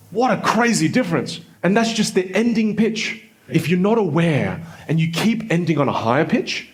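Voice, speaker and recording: A man with an Australian accent coaching communication, setting high and low sentence endings side by side. His pitch moves a lot, up and down, as he demonstrates. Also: sing-song, a little fast. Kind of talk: instructional clip.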